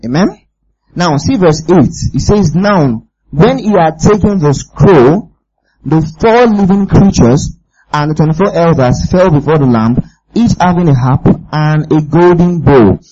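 A man's voice: a little high, animated, unhurried, mellow, slightly rough, highs cut off. A man preaching a sermon with emphasis, often asking his listeners whether they follow.

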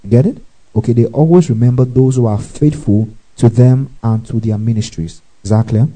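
A man's voice: medium pitch, moderate pace, dark tone, poor audio. A male pastor giving a Bible teaching sermon, spelling out words letter by letter and checking in with listeners with frequent "okay" and "praise the Lord".

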